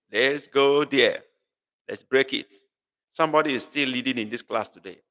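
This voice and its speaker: Nigerian guy teaching a live class, mid pitch, teasing, keeps calling folks by name. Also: normal speed, fairly bright tone, long reverb tail. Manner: teasing, repeats phrases, calls on students by name. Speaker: language tutor.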